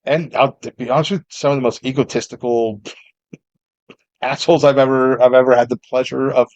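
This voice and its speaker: A man's voice: mid-range voice, fairly even intonation, brisk, a little mellow, no echo, muffled recording. Reflective man telling old war stories. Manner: reflective, storytelling with many restarts. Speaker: podcast guest. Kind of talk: casual conversation.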